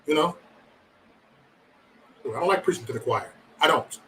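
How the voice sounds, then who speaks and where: A man's voice: on the high side, moderate pace, distant mic, slight background noise, rough recording. A man hosting a casual livestream, chatting loosely and profanely with his viewers. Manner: loose, profane, animated banter with chat. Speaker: livestream host.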